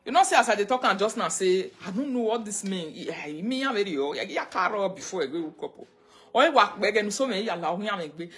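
Talking fast and animatedly into a phone, this woman runs a laid-back live stream in Nigerian Pidgin English, welcoming viewers and chatting between occasional chanted prayers. Her mid-range voice is fairly bright and a little rough.

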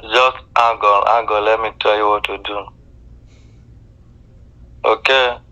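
Guy on the phone begging her to hang on, bright edgy voice, muffled line. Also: lowish voice, steady tone, slow. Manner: pleading, keeps asking her to hold on. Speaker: scam caller.

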